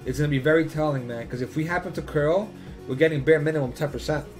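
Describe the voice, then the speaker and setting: A man's voice: on the high side, quick pace, darkish tone, soft background music. A man giving casual chart commentary as host of his channel, emphatic and repetitive, swearing freely. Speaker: crypto chart analyst hosting his channel.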